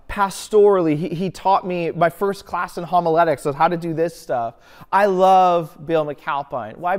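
A man's voice: high-pitched, a little mellow. A man preaching a sermon as a pastor, earnest, often asking himself a rhetorical question and answering it.

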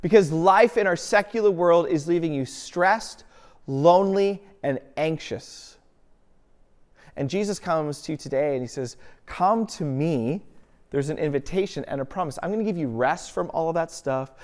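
A man's voice: fairly high pitch, normal speed. A man preaching a sermon as a pastor, earnest, often asking himself a rhetorical question and answering it.

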